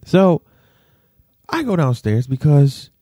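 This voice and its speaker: A man talking in a casual rant, animated, swearing freely and tossing in fillers like "you feel me". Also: fairly high pitch, takes it slowly, no room sound, studio quality. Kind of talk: casual rant, podcast-style chat.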